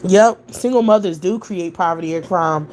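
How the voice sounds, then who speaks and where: A woman's voice: lowish voice, normal speed, darkish tone, slight background noise. A young adult woman hosting a live stream, answering chat in a profane, scornful rant with mocking laughter. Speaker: livestream host.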